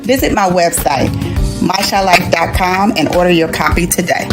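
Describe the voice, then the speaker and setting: Low-voiced woman reading an ad over music. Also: moderate pace. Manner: polished promotional read. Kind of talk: scripted ad narration.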